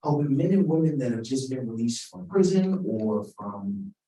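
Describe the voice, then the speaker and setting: A man's voice: medium pitch, lively intonation, moderate pace, mellow. Man, 40s, keynote speaker, joking conversational delivery, distant mic. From Washington, D.C. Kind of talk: keynote speech. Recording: roomy sound, mic at a distance.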